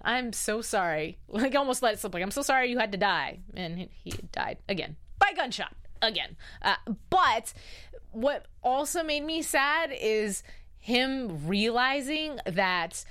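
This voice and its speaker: A woman chatting through a TV episode recap in a casual, emphatic way. Her voice sits a little high and swings widely in pitch, so she sounds lively and expressive as she reacts openly to each twist. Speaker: TV show recap host. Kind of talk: casual live recap chat.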